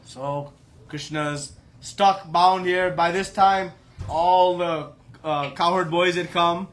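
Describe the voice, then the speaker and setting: A man's voice: high voice, steady tone, slow, fairly bright tone, a little hiss or hum. A man giving a devotional class, telling a story with emphatic rhetorical questions. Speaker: preacher.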